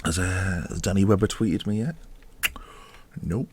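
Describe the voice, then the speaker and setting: A man's voice: low-pitched, measured pace, a little mellow, breathy edge. A man giving casual, sarcastic let's-play commentary, slipping into mock match-commentator patter. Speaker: gaming YouTuber.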